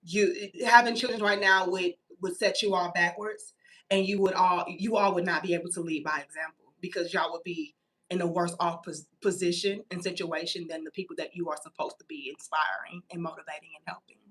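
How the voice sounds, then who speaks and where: A woman's voice: on the low side, steady tone, a little fast, a bit bright, pitched below the performer's own voice, lightly acted. A woman doing a stern spirit's warning voice. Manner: blunt and commanding.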